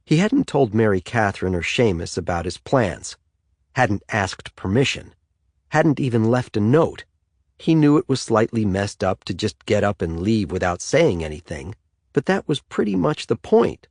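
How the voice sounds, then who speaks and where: A man narrating an audiobook in the third person with an expressive delivery. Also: fairly low pitch, normal speed, dry recording, studio quality.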